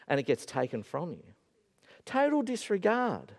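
A male preacher giving an animated, storytelling sermon in a church. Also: high voice, moderate pace. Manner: animated storytelling with acted-out voices. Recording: echoey hall.

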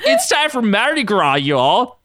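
A man's voice: sits high, wildly swooping pitch, a little slow, fairly bright tone, dry recording, clean studio sound, pitched above the performer's own voice, exaggerated voice. Man doing a hammy vlogger with a fake Southern drawl. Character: obnoxious young man vlogger hamming for his camera.

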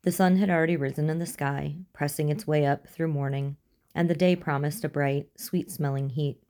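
A woman reading a story aloud as narrator, in a steady, even manner. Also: low voice, normal speed. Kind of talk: audiobook narration.

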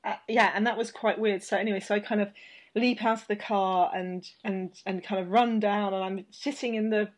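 A woman's voice: medium pitch, moderate pace. A woman hosting an interview, telling stories in a chatty, rambling way with lots of restarts. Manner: chatty, rambling, animated storyteller with many restarts. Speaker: podcast host. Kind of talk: casual interview chat.

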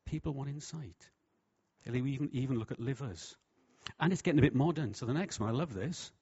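Preacher, husky and lo-fi. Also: male voice, mid-range voice, a little fast. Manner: lively, jokey, puts on voices for quotes. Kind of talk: sermon with humour. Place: church hall. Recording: dull, lo-fi sound.

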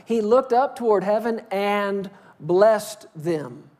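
High-voiced man preaching a dramatic sermon. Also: lively intonation, slow. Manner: dramatic preaching, swings between loud pleading and hushed lows. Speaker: pastor.

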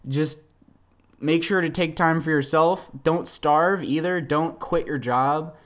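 Speaking slowly, a podcast host rants on his own, rambling with many fillers and laughs. He moves back and forth between low mumbles and loud, animated bursts.

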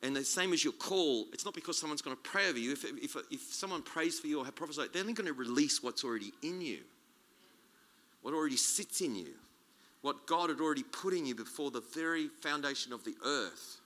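A man preaching a sermon as a guest speaker, chatty and animated, joking and restarting his sentences. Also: on the high side, a little fast. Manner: animated, conversational, jokey preaching with many restarts.

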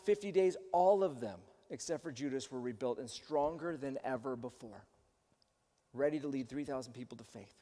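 Pastor, male, high voice, earnest and exhorting, recorded in a church hall with a long reverb tail. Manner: earnest, rising to loud exhortation with frequent restarts. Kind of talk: sermon to a live-streamed congregation.

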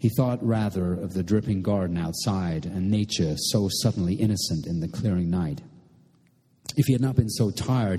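A man reading a novel aloud in a measured, literary way. His voice is low, husky and mellow. A long hall reverb trails after his words. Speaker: narrator. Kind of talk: audiobook narration.

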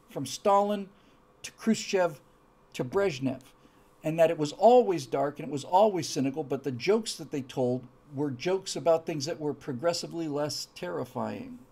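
A man hosting a history talk, an animated storyteller who acts out the punchlines. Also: high voice, vocal fry. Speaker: podcast host telling historical jokes. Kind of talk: storytelling lecture.

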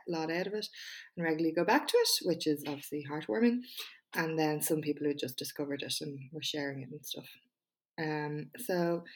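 A young woman hosts her own solo podcast with a notably low speaking voice. She is candid and self-deprecating in conversation and reads her own speech with punchy, emphatic delivery. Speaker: podcast host and small business owner.

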